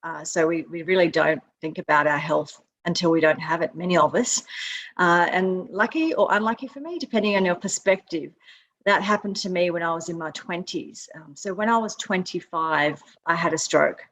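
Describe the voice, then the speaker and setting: A woman's voice: fairly low pitch, moderate pace, fairly bright tone. A fifty-year-old woman from Sydney with an Australian accent, speaking candidly as a nutrition guest on an online video-call interview. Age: 50s. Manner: candid, frank about her own health.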